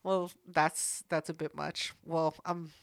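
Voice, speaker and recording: A woman's voice: deep voice, flat delivery, takes it slowly, vocal fry, no room sound. A young woman co-hosting a casual podcast, teasing her co-host with dry comebacks.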